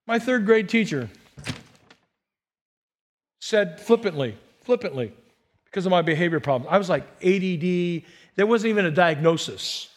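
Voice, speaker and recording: A middle-aged male pastor with a high-pitched voice delivers a sermon built on personal stories. He talks conversationally, with loud, emphatic bursts that drop into soft, hushed asides.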